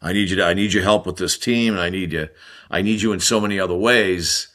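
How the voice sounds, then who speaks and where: Forceful older man spinning a story. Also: low-pitched, quick pace. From United States. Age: 60s. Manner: animated, acts out the people in his stories. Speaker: guest, former Olympic hockey player. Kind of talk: storytelling in a podcast chat.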